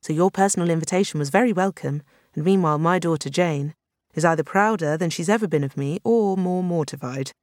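A woman's voice: fairly low pitch, fairly quick, a little mellow, no echo, clean studio sound, lightly acted. A reader voicing a nervous woman astronomer who gabbles when she is out of her depth. She talks in eager, breathless, self-deprecating bursts. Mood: gabbling. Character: nervous, chatty woman astronomer visiting the moon.

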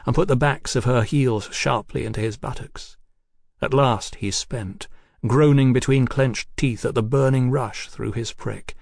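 Brief: male audiobook narrator, mid pitch, measured and unhurried, dry studio sound. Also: creaky, darkish tone, no room sound. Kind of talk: scripted novel narration.

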